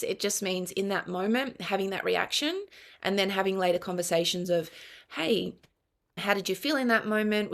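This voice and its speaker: A woman's voice: mid-range voice, creaky. A middle-aged woman with an Australian accent, a family counselor explaining parenting earnestly in an interview. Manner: earnest, explanatory, with quoted dialogue. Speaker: guest, family and child counselor. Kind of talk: conversational interview.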